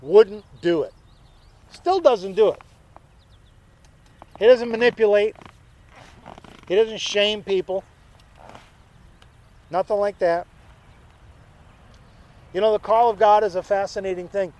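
A man's voice: high voice, slow pace, pauses often, a little mellow. A male pastor preaching a sermon in a conversational way, with joking asides to his congregation.

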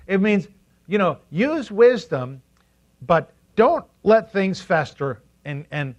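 Animated man preaching a sermon. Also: high-pitched, slow pace. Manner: animated, asks the congregation questions, acts out quotes in funny voices. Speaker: pastor. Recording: dull lo-fi recording.

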